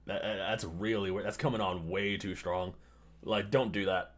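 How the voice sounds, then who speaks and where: A man's voice: low voice, fairly even intonation, moderate pace. A man hosting a livestream, reacting casually to a video, swearing often, laughing and ranting. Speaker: livestream host.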